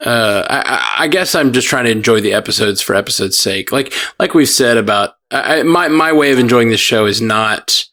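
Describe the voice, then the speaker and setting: A man's voice: mid-range voice, moderate pace, few pauses, sharp tone. A man co-hosting a podcast, talking casually, agreeing easily and stumbling over his restarts. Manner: stammering restarts, easygoing agreement. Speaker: podcast co-host. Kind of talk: casual chat.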